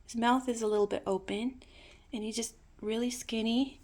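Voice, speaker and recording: An older woman telling a personal family story in a slow, reflective way, sometimes dropping to hushed asides. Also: fairly high pitch, steady tone.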